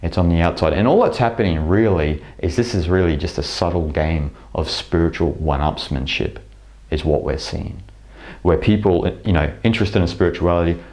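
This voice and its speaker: A man's voice: low voice, moderate pace, darkish tone. A man giving a reflective spoken talk on spirituality, with frequent fillers and restarts. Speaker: spiritual teacher. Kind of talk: spoken lecture to camera.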